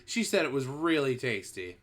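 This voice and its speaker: A man doing a loud gossiping waiter. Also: medium pitch, very animated, moderate pace. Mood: gossipy. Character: boisterous adult male restaurant waiter.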